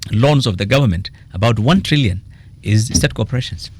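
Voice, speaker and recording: A man with a Kenyan accent, a political economist speaking as a radio interview guest, animated and telling stories with quoted asides. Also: mid-range voice, brisk, husky.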